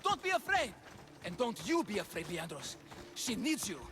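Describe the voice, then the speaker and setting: A man's voice: high-pitched, huge pitch swings, normal speed, heavily acted. An actor playing a bumbling, boastful father in a bull costume, theatrical and comic. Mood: flustered. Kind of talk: game cutscene acting. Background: game score music.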